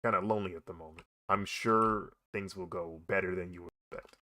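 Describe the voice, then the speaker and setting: A man's voice: low-pitched, steady tone, brisk, sharp tone. A young man, chatting casually and rambling while he draws, laughing often and saying "bro" a lot. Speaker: artist streaming a drawing session. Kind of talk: casual chat while drawing.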